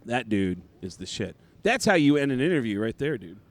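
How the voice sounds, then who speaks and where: A comedian guest spinning a backstage yarn in an easy, animated way. He drops into other people's voices as he goes, with a mid-range male voice. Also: mid-range voice, fairly quick. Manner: animated storyteller, jumps into quoted voices. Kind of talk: casual anecdote telling.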